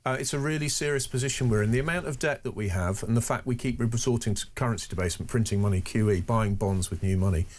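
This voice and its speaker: A man speaking as a guest on breakfast radio, weighing his points earnestly. His voice sits at an ordinary mid pitch, and he stumbles into restarts before pressing on. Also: darkish tone. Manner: measured, earnest, hesitant restarts. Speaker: political guest. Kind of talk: live radio discussion.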